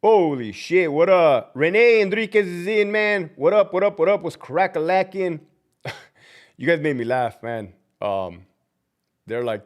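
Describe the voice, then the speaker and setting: A man's voice: animated, a little slow. A man hosting a live stream as a prison guard, talking in a blunt, fired-up, profane way and acting out quoted people. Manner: acts out quoted people with big pitch jumps. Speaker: livestream host and prison guard.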